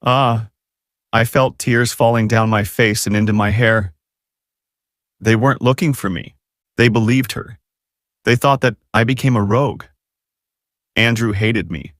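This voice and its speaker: A man narrating a first-person novel in an expressive, somber way. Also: mid-range voice, a little slow, long pauses, dry recording, studio quality. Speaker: audiobook reader.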